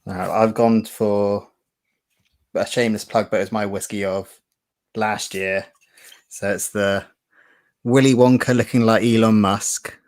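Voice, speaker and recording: A man's voice: fairly low pitch, fairly even intonation, unhurried, pauses often, a little mellow. A man chatting as a guest on a casual livestream, jokey and self-deprecating.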